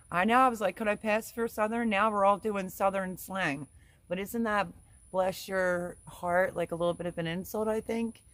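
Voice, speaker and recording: A woman's voice: mid-range voice, fairly even intonation, normal speed, a bit bright. Giggly middle-aged woman chatting on a livestream. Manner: chatty, giggly, reads chat names aloud. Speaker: livestream host reading chat. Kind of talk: casual live chat.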